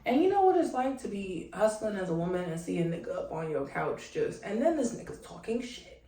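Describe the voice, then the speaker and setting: A young woman venting to her viewers in a frustrated, animated way, speaking. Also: medium pitch, a little fast. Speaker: vlogger. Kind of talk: casual venting monologue. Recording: echoey room, some distance from the mic.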